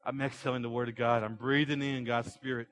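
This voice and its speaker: A man's voice: mid-range voice, flat delivery, fairly quick, a bit bright. A man preaching a sermon to a congregation, building energy with rhetorical questions. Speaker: pastor. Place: church sanctuary.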